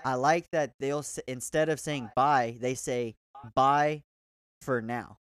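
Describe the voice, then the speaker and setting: A man's voice: mid-range voice, steady tone, slow, a bit bright, clean tone, no echo, clean studio sound. A young man telling a loose, profane story in casual chat, saying "bro" all the time.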